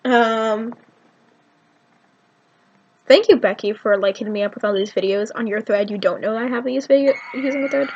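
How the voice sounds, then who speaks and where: Woman vlogger from Virginia, fairly high voice, excitable and rambling, filler-heavy storytime delivery. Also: normal speed, long pauses, muffled recording, a little hiss or hum. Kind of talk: storytime vlog.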